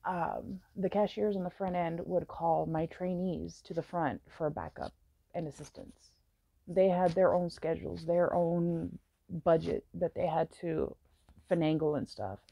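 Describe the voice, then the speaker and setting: A woman's voice: on the low side, fairly even intonation, a little slow, vocal fry, dark tone, breathy edge, no echo. A woman in her thirties telling her own story in a candid, meandering way, with lots of fillers. It comes through a dull, lo-fi recording. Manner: frank and meandering, with many fillers.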